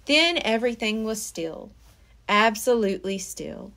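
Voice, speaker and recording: A woman's voice: fairly high pitch, animated, unhurried, vocal fry, fairly bright tone. A woman library storyteller reading a children's chapter book aloud with expression. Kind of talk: children's read-aloud narration.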